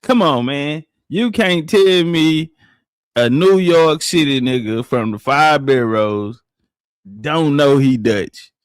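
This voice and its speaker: A man co-hosting a livestream, talking loosely and rambling, sometimes reading aloud haltingly. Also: a little high, clear, resonant tone, no echo, clean studio sound. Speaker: livestream co-host. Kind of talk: casual livestream chat.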